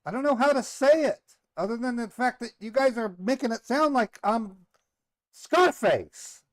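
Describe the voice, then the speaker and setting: High-voiced indignant man on a prank call. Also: lively intonation, moderate pace, no echo. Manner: indignant, defensive, rambling protests. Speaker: scambaiter posing as a caller. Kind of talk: prank call role-play.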